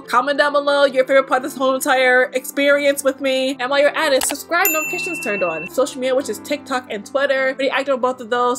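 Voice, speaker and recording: A young woman hosting a reaction video, gushing excitedly and laughing often. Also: on the high side. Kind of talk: casual reaction video chat. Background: music playing.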